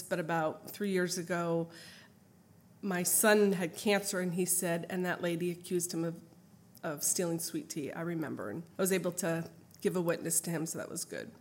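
A middle-aged woman sharing her family's story as a mother, reading from her account and then telling an anecdote off-script in an earnest, emotional way. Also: lowish voice.

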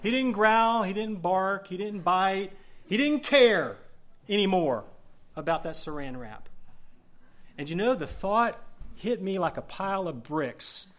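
A man preaching a sermon as pastor, telling a story with animated swings between loud emphasis and hushed asides. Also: sits high, unhurried.

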